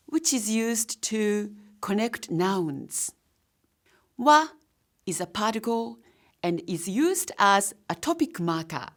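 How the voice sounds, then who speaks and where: Slow, lively-voiced woman teacher. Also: medium pitch. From Japan. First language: Japanese. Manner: slow, deliberate, explaining each word. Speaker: language teacher. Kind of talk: scripted lesson narration.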